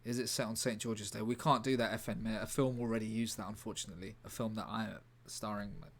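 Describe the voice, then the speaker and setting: Rambling deadpan man chatting on a stream. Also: lowish voice, fast. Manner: rambling, deadpan, self-interrupting. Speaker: livestreamer reading chat. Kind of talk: casual livestream chat.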